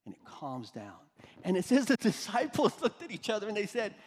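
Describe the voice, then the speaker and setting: A pastor preaching a sermon, swinging from loud emphasis to hushed, soft lines. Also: male voice, very high voice, very animated, brisk, long reverb tail.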